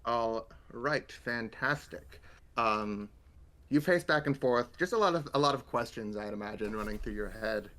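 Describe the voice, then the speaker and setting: A man narrating as game master of a tabletop role-play, halting with many ums and uhs. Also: mid-range voice, expressive, pushed and bright.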